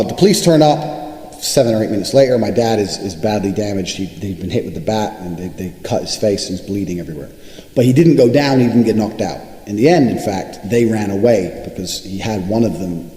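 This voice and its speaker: A man's voice: fairly low pitch, dark tone. A man delivering an unscripted monologue to camera, boastful and profane, with a swaggering manner. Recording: echoey room with long reverb.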